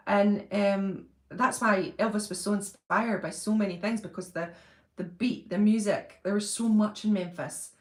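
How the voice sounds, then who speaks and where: A woman hosting a relaxed live stream, chatting freely and breaking into laughter as she answers viewers' comments. Her voice sits in a middle register. The room around her gives it a noticeable echo. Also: medium pitch. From Britain. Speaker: channel host reading live chat. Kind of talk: casual live-stream chat. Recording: roomy echo.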